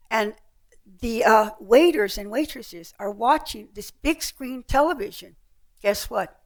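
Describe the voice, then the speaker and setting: An older woman giving an author's talk, telling travel stories with slides and acting out the people she met. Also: fairly high pitch. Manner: lively storyteller, acts out voices. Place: heritage center event room with audience.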